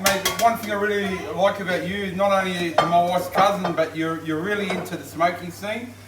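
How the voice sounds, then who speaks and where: High-voiced enthusiastic Australian chef. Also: male voice, steady tone, brisk, heavy background noise. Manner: enthusiastic, repeats catchphrases. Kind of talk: casual cooking demonstration. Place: backyard at home beside a smoker.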